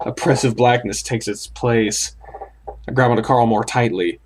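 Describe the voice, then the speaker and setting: A man's voice: medium pitch, steady tone, moderate pace, a little hiss or hum. Man reading a horror visual novel aloud. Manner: dramatic reader, blurts out startled reactions. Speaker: let's play host.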